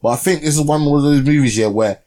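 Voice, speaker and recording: This co-host is a young man who talks fast, his voice on the high side and warm in tone. He chats casually about a film for a podcast review, scattering fillers and tag questions throughout.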